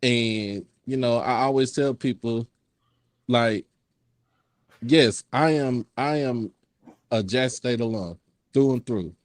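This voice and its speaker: A man's voice: medium pitch, takes it slowly, pauses often, no room sound. A man guesting on a live sports chat over his phone, talking earnestly with many restarts and fillers. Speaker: guest who runs his own sports live stream. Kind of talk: casual live-stream chat. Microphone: phone on a call.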